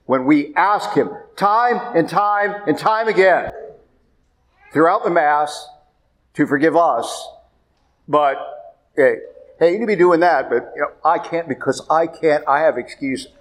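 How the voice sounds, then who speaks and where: A man's voice: a little high, a little slow. Emphatic male priest preaching. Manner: emphatic, repeats points, rises sharply when pressing. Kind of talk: sermon.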